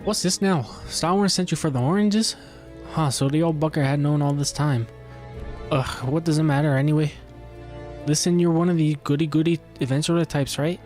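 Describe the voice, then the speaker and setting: A man voicing a rough, shameless male pirate sailor in a put-on Irish accent, reading game dialogue aloud. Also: a little high, steady tone, normal speed, a little mellow, faint music behind, close to an everyday voice. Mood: brash.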